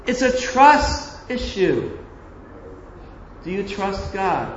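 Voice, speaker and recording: A man preaching a sermon, animated, acting out the voices of God and of his listeners. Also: high-pitched, takes it slowly, roomy sound, lo-fi sound, a little hiss or hum.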